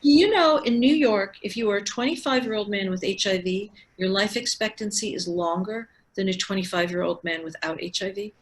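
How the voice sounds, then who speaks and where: Sixties woman doctor on a video call, explains slow and careful, lots of restarts, middle pitch. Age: 60s. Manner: thoughtful, explains step by step with frequent restarts. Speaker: physician and researcher. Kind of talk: explanatory conversation.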